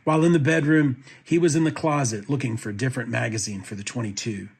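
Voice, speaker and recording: A man reading a court petition aloud as a commentator, with a steady, even delivery. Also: medium pitch, fast, vocal fry, breathy edge.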